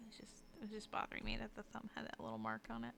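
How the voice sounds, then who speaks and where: A woman streamer chatting casually while she draws, rambling and self-deprecating, with lots of fillers and restarts and a habit of dropping to a low mutter as she works. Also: monotone, fast talker, gravelly, a bit bright, slight background noise. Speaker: streamer and artist. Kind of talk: casual live-stream chat while drawing.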